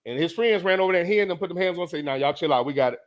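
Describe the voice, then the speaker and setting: A man hosting his own show, telling a story in a casual, animated way, swearing often and repeating lines for emphasis. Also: sits high, racing. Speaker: podcast host.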